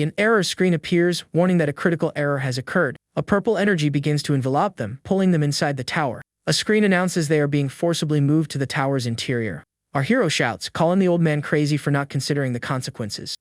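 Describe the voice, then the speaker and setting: A man narrating a comic story recap in a steady, even, scripted storytelling manner. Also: fairly high pitch, no echo, clean studio sound.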